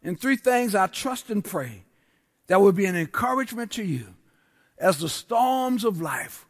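Guest preacher, male, very high voice, rhythmic repeated refrains, church reverb. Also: sing-song, unhurried. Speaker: guest pastor. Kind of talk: sermon. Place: large church. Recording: long church hall reverb.

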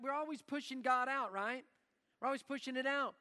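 A man preaching a sermon as pastor in a church, animated and acting out the prayers he quotes. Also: very high voice, brisk. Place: church sanctuary. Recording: long reverb of a church hall.

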